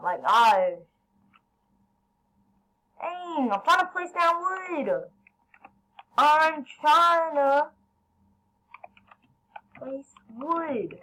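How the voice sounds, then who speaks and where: A woman commentating her own gameplay, excitable, yelling at teammates and then apologizing. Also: high voice, very slow, pauses often, rough recording. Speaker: gaming channel host.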